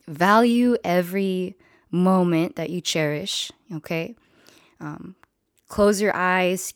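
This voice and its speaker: A woman's voice: deep voice, dry recording, clean studio sound. A young woman hosting a podcast, telling a personal story candidly and emotionally, swearing casually. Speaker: podcast host.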